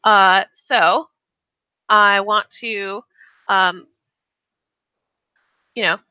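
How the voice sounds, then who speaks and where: A woman's voice: mid-range voice, steady tone, extremely slow, bright, forceful tone, clear, resonant tone, no echo, lo-fi sound. A woman teaching English on a casual live stream, chatting and reading the chat aloud, often restarting her sentences.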